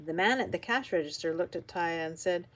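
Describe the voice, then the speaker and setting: An older woman reading a children's picture book aloud with expressive, animated storytelling. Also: fairly low pitch, brisk. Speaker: storybook reader.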